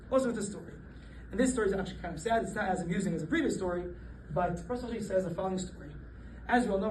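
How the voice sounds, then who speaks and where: A man with a fairly high voice gives a lively Torah class, laughing often and slipping into the voices of people in his stories. He sounds set back from the microphone in a roomy, echoing space with a faint hum of background noise. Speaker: rabbi teaching a class. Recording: echoey room, voice from a distance, faint background noise.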